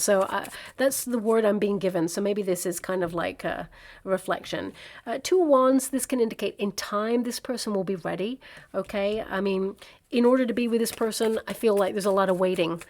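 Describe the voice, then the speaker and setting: A woman's voice: mid-range voice, a little mellow. A woman giving a casual tarot reading to camera, chatty and reassuring, thinking aloud with plenty of fillers. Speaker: tarot reader.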